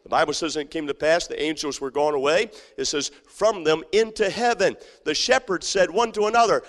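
A man's voice: fairly high pitch, a little fast. A man preaches in a church auditorium, his slightly raised voice ringing with a long hall reverb. He is emphatic and repetitive, circling back with many fillers and restarts. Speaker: pastor. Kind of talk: sermon.

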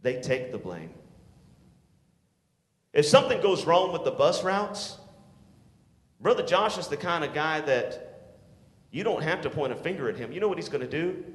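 A man preaching a sermon to teenagers, swinging from shouts to hushed tones and calling for responses. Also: a little high, sing-song, moderate pace, pauses often. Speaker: youth pastor. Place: church sanctuary. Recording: echoey hall.

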